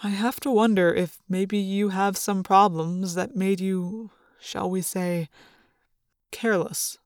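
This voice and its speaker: A woman's voice: medium pitch, fairly even intonation, slow pace, dry recording, studio quality, voice pushed down, lightly acted. A woman voicing a stern, condescending middle-aged male vice principal in a read-aloud storybook. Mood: probing.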